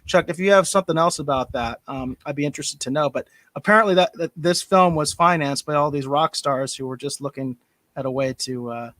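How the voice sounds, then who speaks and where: A fairly high-voiced man chatting casually on a podcast, chuckling often and repeating words as he gets going. His voice sounds dry and close, with little room sound. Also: brisk, a bit bright, dry recording. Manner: chuckling, repeats words when starting sentences. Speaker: podcast co-host. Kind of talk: casual chat.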